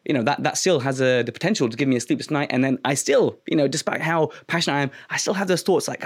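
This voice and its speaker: A man hosting an interview, himself a dentist, talking in a quick, supportive, chatty way. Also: medium pitch, husky. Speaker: dentist host. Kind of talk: conversational interview.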